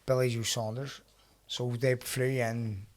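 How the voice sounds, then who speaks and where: A man, a podcast guest telling a story in casual chat, animated and acting out quotes, swearing freely. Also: mid-range voice, unhurried.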